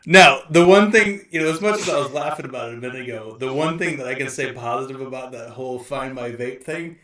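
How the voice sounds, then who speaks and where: A man's voice: medium pitch, fast, bright, forceful tone. A man hosting a casual podcast, rambling and laughing often as he tells stories. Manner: rambling, frequent restarts and laughter. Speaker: podcast host. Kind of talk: casual chat.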